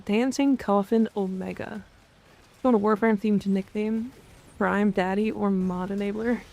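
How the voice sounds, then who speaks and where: A woman's voice: mid-range voice, fairly even intonation, a little slow, darkish tone. A woman from Canada streaming live, chatting casually and frankly with her chat, with some swearing and jokes. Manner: frank, profane, joking. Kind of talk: casual chat reading and answering chat.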